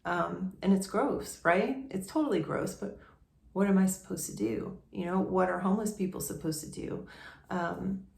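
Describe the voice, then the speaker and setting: Gravelly-voiced woman rambling through a story. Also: lowish voice, moderate pace, darkish tone. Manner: rambling, many restarts and fillers. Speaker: vlogger. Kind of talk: casual storytelling to camera. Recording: echoey room.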